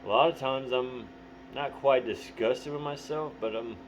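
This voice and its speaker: A man talking candidly to the camera in a profane, motivational monologue. He is blunt, swears constantly and often clears his throat. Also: mid-range voice, measured pace. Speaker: vlogger. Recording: dull lo-fi audio with faint hum.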